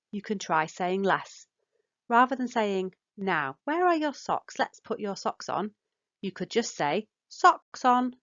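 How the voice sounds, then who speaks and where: A woman calmly narrating practical guidance for parents as a speech and language therapist, in a measured, instructive way. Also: medium pitch. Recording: dull, muffled voice-over.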